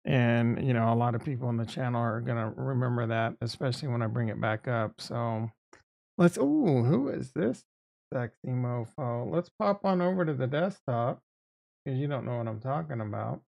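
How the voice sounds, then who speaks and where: A man's voice: medium pitch, fairly quick, creaky, a little mellow. Rambling man hosting a live stream. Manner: rambling and self-interrupting, with frequent fillers. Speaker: streaming channel host. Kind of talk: casual live-stream chat.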